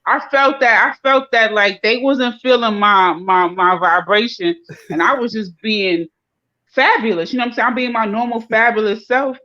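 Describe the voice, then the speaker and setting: A woman from the northern United States talking in a casual panel chat, an animated storyteller who acts out other people's voices. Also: on the high side, normal speed. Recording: dull lo-fi sound.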